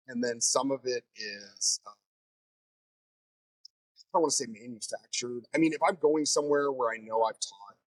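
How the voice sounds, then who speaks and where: A man who teaches fire training, telling stories in a casual interview in a lively way. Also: medium pitch, no echo, rough recording. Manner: animated storyteller.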